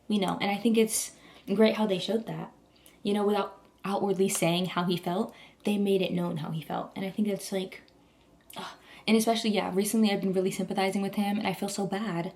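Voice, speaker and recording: A woman's voice: medium pitch, darkish tone. Gushing young woman rambling casually. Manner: gushing, rambling, heavy use of "like". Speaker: vlogger. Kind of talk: casual chat.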